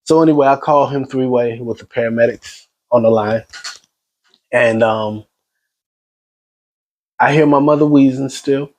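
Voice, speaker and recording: A grieving man giving a personal spoken account in an agitated, halting way, full of restarts. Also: medium pitch, a little mellow. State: shaken and grieving. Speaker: son recounting his mother's death.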